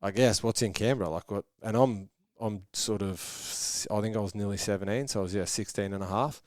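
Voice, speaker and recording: A man's voice: on the low side, normal speed, a little mellow, no room sound, studio quality. A man in his thirties with an Australian accent, a guest telling long rambling stories in a casual podcast interview and acting out what people said. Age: 30s. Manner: rambling storytelling with voiced quotes. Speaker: guest, track builder.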